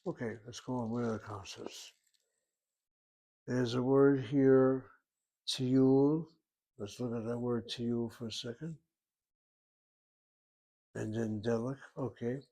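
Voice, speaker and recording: Male teacher, mid-range voice, patient explainer who repeats each word slowly. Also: mid-range voice, steady tone, mellow. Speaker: Hebrew teacher. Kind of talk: recorded language lesson.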